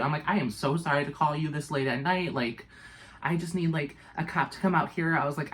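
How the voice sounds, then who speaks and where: A young woman vlogger telling a storytime tale in a casual, animated way, full of fillers and swearing. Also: low voice, fairly quick.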